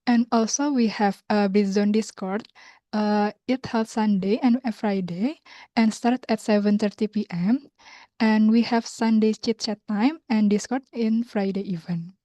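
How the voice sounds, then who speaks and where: Mellow young Indonesian woman hosting. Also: medium pitch, no room sound. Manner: unhurried, with hesitant learner phrasing. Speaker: community host. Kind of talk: online class announcements. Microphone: video call.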